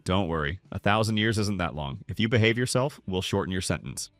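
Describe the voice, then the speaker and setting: A man's voice: low voice, animated, brisk, a bit bright, dry recording. A man doing a stern lord of time. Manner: stern, lecturing. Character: stern male ruler of time, lecturing.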